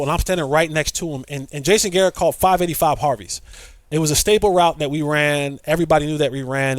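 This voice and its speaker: A middle-aged man with a fairly high voice tells a story with rising excitement, acting out what others said and tripping over repeated words. The sound is dry and close, with almost no room around it. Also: dry recording. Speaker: podcast guest, former player. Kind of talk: animated storytelling.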